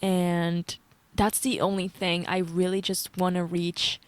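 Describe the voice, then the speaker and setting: A young woman, talking candidly to camera in a personal vlog, halting, filling gaps with "like" and swearing often. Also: lowish voice, little pitch movement, dry recording. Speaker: vlogger.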